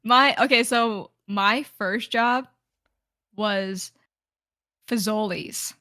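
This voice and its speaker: A woman co-hosts a podcast in casual chat, laughing often and swearing casually. Her mid-range voice draws out words and sounds pushed and bright, on a dry recording with clean studio sound.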